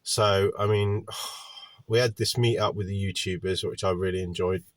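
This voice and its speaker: Glum, rambling English man, low voice. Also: steady tone, moderate pace, no echo. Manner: glum, candid, wandering talk. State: getting over a cold. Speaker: gardener vlogger. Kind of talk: rambling casual vlog rant. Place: parked van by a park.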